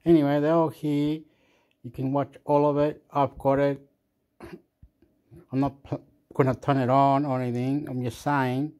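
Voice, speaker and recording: A man's voice: mid-range voice, little pitch movement, measured pace, long pauses, darkish tone. A man rambling to himself while reviewing an app, mumbling and getting annoyed at it. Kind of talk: rambling screen-recording chat.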